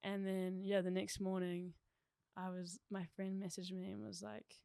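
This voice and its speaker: Young NZ woman, casual guest, giggly, creaky voice. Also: medium pitch, moderate pace, dry recording, studio quality. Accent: New Zealand. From New Zealand. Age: young adult. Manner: excitable, laughs often, lots of "like". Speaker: DJ, podcast guest. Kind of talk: casual chat.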